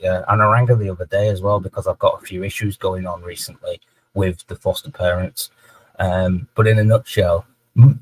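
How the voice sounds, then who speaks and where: A young man in casual chat on a call, telling a personal story with plenty of swearing. His voice sits a little low and comes out husky and a touch breathy. He talks candidly and unguarded. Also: darkish tone, no room sound, rough recording. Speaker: livestream guest.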